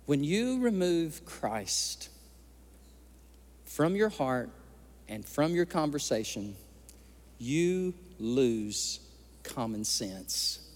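High-pitched impassioned preacher. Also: male voice, sing-song, very slow, pauses often. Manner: impassioned preaching, tearful at times. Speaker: pastor. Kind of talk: sermon. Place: church sanctuary. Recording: long hall reverb.

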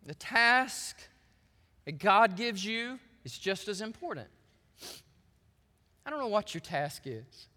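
A man's voice: high voice, big pitch swings, slow pace, pauses often, sharp tone, big-room sound. A man from the United States preaching a sermon as pastor, swinging between chatty asides and fervent preaching.

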